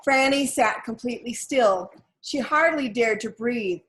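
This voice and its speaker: A woman reading a children's picture book aloud in a gentle, expressive storytelling manner. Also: fairly high pitch, a little slow. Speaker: storybook reader.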